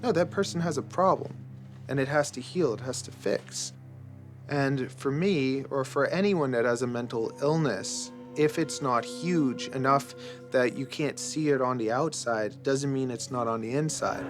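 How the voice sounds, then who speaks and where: A man's voice: medium pitch, measured pace, over music. Earnest man explaining in an interview. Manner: earnest, explanatory, rhetorical questions. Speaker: barber interviewed about his life. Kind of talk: reflective interview.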